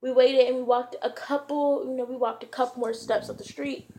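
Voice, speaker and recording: Woman vlogger, slightly high pitch, casual rambling storyteller, slangy and filler-heavy. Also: steady tone, a little fast, warm tone. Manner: rambling, full of "like" and "you know", slangy.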